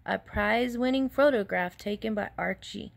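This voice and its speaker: A woman voicing a cheerful male photographer in a children's storybook, with a bright exclaiming delivery. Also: medium pitch, normal speed, creaky, natural voice.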